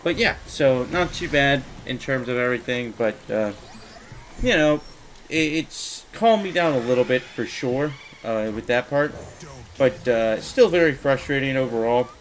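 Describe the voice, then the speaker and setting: A man's voice: medium pitch, lively intonation, measured pace, slight background noise, poor audio. A young man giving casual, rambling commentary over his own card-game run, full of fillers and mild frustration. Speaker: gaming YouTuber.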